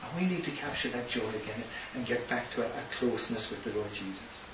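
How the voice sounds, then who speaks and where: Irish preacher in a roomy hall. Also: male voice, mid-range voice, fast. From Ireland. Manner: storytelling, building to impassioned emphasis. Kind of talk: sermon. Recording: roomy distant hissy lo-fi recording.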